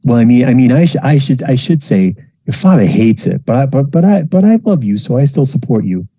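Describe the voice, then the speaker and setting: A man's voice: medium pitch, big pitch swings, fairly quick, warm tone, husky, no room sound, pitched above the performer's own voice. A man voicing a doting, emotional middle-aged mother who stammers and clings. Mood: pleading. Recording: muffled lo-fi home recording.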